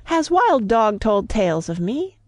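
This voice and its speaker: A woman's voice: fairly high pitch, sing-song, measured pace, no echo, studio quality. A woman voicing a proud, sly male cat in a storybook reading, coaxing and scheming.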